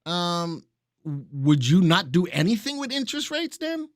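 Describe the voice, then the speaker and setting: A man hosting a live market stream, talking casually and reading viewer comments aloud. His voice sits fairly high and jumps around a lot. The sound is dry and close. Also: sing-song, normal speed, no room sound. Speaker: market show co-host.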